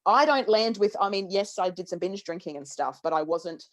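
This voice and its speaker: A woman in her thirties, a podcast co-host, talking in a lively, casual way with lots of restarts and the odd swear word. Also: medium pitch, normal speed. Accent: Australian. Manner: animated, swearing, many restarts. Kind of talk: casual astrology chat.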